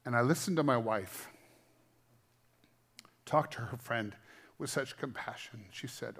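In a mid-range, slightly breathy voice, a middle-aged pastor preaches a little slowly, leaving long pauses. He is earnest and conversational, swinging between quiet, personal moments and louder emphasis.

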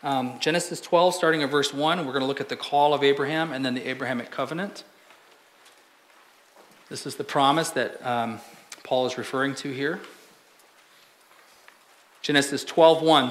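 A pastor preaching a conversational sermon in a church, asking the congregation rhetorical questions. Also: male voice, mid-range voice, normal speed, long pauses, a bit bright. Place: church sanctuary.

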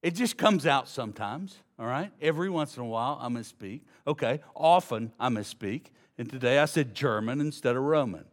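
A man preaching a sermon, folksy and direct with the congregation, swinging from low, quiet passages to loud emphasis. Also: animated, moderate pace, hardly any pauses. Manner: folksy, addresses congregation as y'all. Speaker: pastor.

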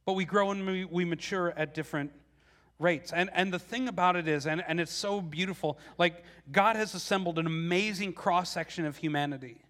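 A man's voice: high voice, fairly bright tone. A man in his forties preaching a sermon as pastor, speaking conversationally with frequent "like" and repeated starts.

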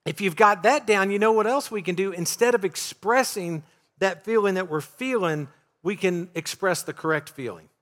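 A man's voice: sits high, moderate pace, a bit bright. A man preaching a sermon as pastor, in a conversational tone full of rhetorical questions to his listeners. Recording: long hall reverb.

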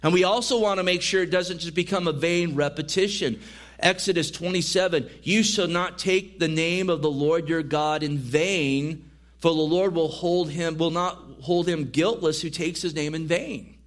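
Male pastor, sermon, slightly high voice, earnest, emphatic scripture reading. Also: moderate pace. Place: church.

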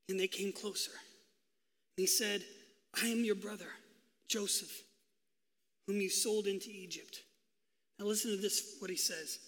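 Bright-voiced pastor preaching in a hall. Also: male voice, high-pitched, moderate pace, long pauses. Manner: animated storytelling, acting out voices in quotes. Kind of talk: sermon.

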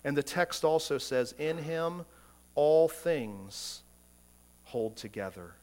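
A man's voice: on the high side, animated, slow, darkish tone. A man preaching a sermon as pastor, emphatic and full of rhetorical questions, often repeating words as he goes.

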